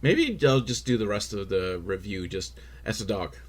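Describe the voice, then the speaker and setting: A man hosting a podcast, recapping a film in a crude, rambling, self-mocking way with sudden loud outbursts. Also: on the low side, sing-song, normal speed. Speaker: podcast host reviewing a film. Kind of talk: casual comedic film recap.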